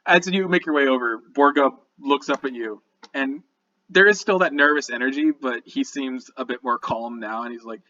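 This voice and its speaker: A man's voice: mid-range voice, moderate pace, sharp tone, dull audio. A man narrating as game master of a tabletop game, chatty and laughing often.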